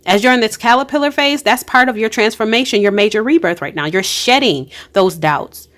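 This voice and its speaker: A woman's voice: on the high side, animated, a little fast, a bit bright. Woman doing a card reading for her viewers, hyped and encouraging, lots of exclamations. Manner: emphatic, encouraging, exclamatory, uses colloquial speech. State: emotional. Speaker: spiritual card reader. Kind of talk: casual tarot-style energy reading.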